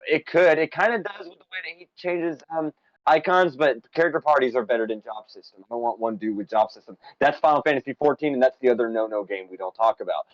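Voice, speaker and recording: A man co-hosts a podcast's casual conversation about games, opinionated as he runs through a list of points with playful asides. He has a mid-range voice and talks fast, in a dry recording with dull audio.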